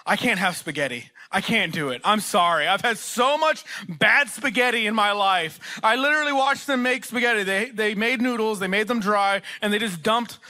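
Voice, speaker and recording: A man's voice: high-pitched, normal speed, hardly any pauses. A man from Texas, a location pastor giving a sermon full of self-deprecating, humorous stories. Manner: animated, self-deprecating storyteller. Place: church auditorium.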